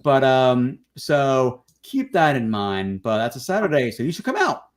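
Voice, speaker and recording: A man who makes documentaries, a guest in a casual interview chat, talking in a relaxed, rambling way with many fillers. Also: mid-range voice, unhurried.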